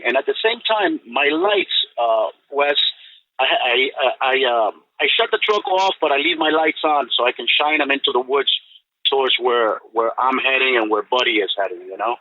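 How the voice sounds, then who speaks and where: Older man, husky, lively pitch, rambling phone-in storyteller, tinny line. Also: moderate pace, dry recording. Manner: rambling, full of "you know" and restarts. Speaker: guest recounting an encounter. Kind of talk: storytelling on a call-in podcast. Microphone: telephone.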